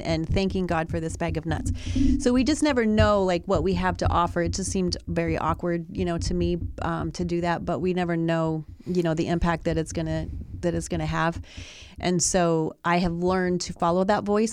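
A woman's voice: lowish voice, clear, resonant tone, no echo. A woman in a talk show, telling a personal story in an earnest, reflective way with many restarts. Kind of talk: conversational storytelling.

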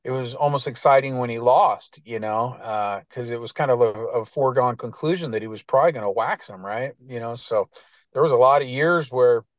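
A man's voice: medium pitch, fairly quick, no room sound. A middle-aged man chatting casually as a guest, laid-back and slangy, full of fillers and restarts. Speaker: guest editor. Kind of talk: casual podcast chat.

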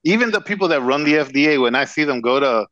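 Male doctor guest, blunt storyteller, slightly high pitch, dry close mic, a bit dull. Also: animated, quick pace, a bit bright, dry recording. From Dominican Republic. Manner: blunt, profane, storytelling with emphatic asides. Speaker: cigar company CEO and physician guest. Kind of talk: casual podcast interview.

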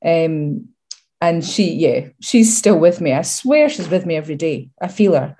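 A woman's voice: low-pitched, measured pace. A middle-aged Scottish woman giving a candid interview, telling stories with humour and pride. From Scotland. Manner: lively, humorous, proud storytelling. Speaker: interview guest.

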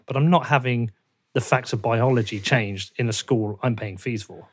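A man's voice: mid-range voice, normal speed, husky. A man hosting a remote interview, talking in an emphatic, indignant way. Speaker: interview host. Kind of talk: conversational interview. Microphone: video call.

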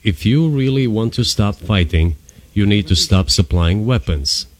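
A man voicing an interview translation with an even, measured cadence and dry sarcasm. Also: lowish voice.

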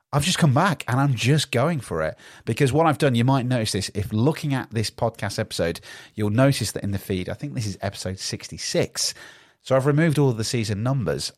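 A man's voice: mid-range voice, dry recording, studio quality. Upbeat man hosting a solo podcast. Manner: upbeat and rambling, with restarts. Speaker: podcast host. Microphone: studio podcast microphone.

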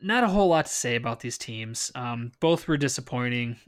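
A man's voice: medium pitch, animated, a little fast. A man co-hosting a casual fantasy football podcast, talking with dry sarcastic humor while he has the hiccups. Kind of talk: casual sports chat.

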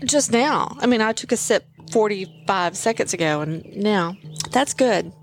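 A woman's voice: medium pitch, expressive, a little slow, slight background noise. A woman co-hosting a casual podcast, bantering in a teasing, giggly way. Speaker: podcast co-host. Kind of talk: casual chat.

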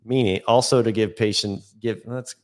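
A man co-hosting a casual professional chat, talking loosely and thinking out loud. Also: fairly low pitch, steady tone, normal speed. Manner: loose and conversational, with many fillers and restarts. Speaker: dental podcast co-host.

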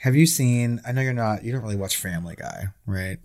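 A man's voice: fairly low pitch, a little fast, darkish tone. A man co-hosting a podcast in casual chat, swearing freely and laughing easily. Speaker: podcast co-host.

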